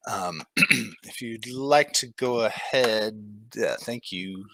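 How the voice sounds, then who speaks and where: A man who manages a training team, presenting an online training session in a relaxed way with many pauses and fillers. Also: fairly low pitch, dry recording, rough recording. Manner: relaxed, many ums, slow and measured.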